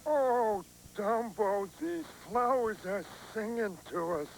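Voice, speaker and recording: A woman voicing Q.T., a wide-eyed, excitable young circus animal on a children's TV show, who talks in an awed, excited way. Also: medium pitch, slow pace, loud music behind the voice, poor audio.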